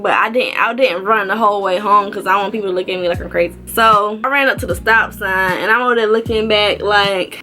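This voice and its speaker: A young woman vlogger telling a storytime in casual slang, animated and swooping high when she quotes people. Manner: loose slangy speech with restarts and laughs.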